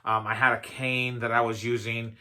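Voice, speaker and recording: In a motivational talk, a man shares a personal story conversationally, poking fun at himself and using lots of fillers. His mid-range voice is sharp and level, delivered at a normal pace.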